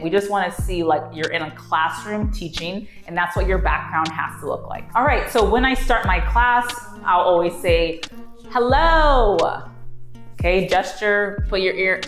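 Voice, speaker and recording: A woman, an online English teacher, giving animated, upbeat tips on teaching kids. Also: on the low side. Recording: roomy echo with faint music.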